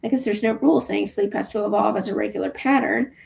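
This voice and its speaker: A woman's voice: medium pitch, fast, gravelly, darkish tone. A woman reading the part of a wry, nerdy male scientist stranded in space, in her own voice. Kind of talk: reading a novel aloud.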